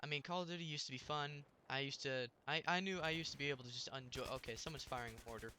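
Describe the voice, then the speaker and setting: A man's voice: mid-range voice, fast talker, pushed and bright, a little hiss or hum. Young man rambling over gameplay. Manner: rambling storytelling with many restarts. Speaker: gameplay commentator. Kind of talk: casual gameplay commentary.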